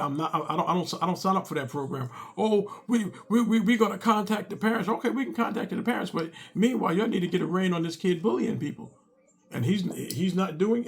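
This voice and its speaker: A man, a father, telling a comic story in an animated way and acting out both sides of the dialogue. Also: high voice. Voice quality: gravelly.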